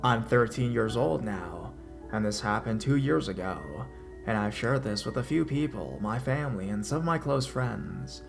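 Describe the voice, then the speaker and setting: Man, horror story narrator, dramatic reading, middle pitch, faint music underneath. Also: expressive, moderate pace, vocal fry. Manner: dramatic reading, pitch and loudness swelling in tense parts.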